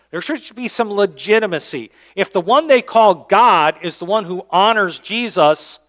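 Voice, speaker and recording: A man, the church's pastor, preaching a sermon and reading scripture aloud, swinging between loud emphatic lines and quiet low endings. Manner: reads scripture aloud in King James wording. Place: church sanctuary.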